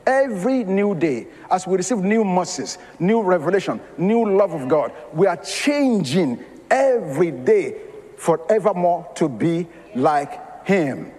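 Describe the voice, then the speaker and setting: A man's voice: high voice, big pitch swings, unhurried, darkish tone, big-room sound. A man preaching a sermon as pastor, mixing scripture with storytelling and laughter.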